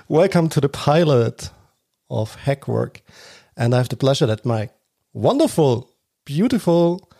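Gravelly German-accented podcast host. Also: male voice, medium pitch, mellow. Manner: chatty and laughing, with frequent restarts. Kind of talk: casual podcast chat.

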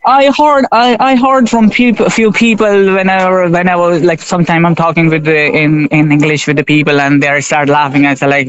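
A man from Pakistan, a friendly, halting interview guest who laughs often. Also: fairly high pitch, level tone, a bit bright, muffled recording. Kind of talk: casual interview chat.

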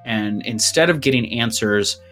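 A man's voice: medium pitch, unhurried, fairly bright tone, soft background music. A man running a tabletop game as game master, rambling through rule changes and a recap, a bit out of breath. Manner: rambling, self-interrupting, laughs at his own jokes.

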